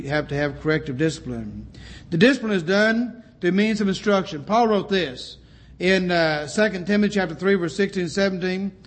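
An older male preacher with a fairly high voice delivers a homespun sermon. He mixes teaching with stories from his own family, dropping in casual asides as he goes. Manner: folksy, anecdotal, with many "you know" asides.

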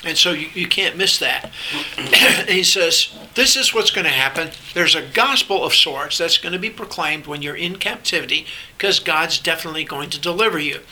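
Bright-voiced older man teaching scripture. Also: on the high side, lively intonation, moderate pace, poor audio. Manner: explanatory, conversational, with frequent restarts and fillers. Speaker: Bible teacher. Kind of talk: sermon-style Bible teaching. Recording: faint hiss.

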